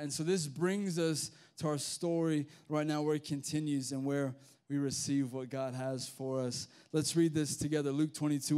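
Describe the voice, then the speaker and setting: A young man with an Australian accent preaching to a youth group in a casual, animated storytelling manner with slang. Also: on the high side, smooth. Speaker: youth pastor. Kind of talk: sermon with storytelling.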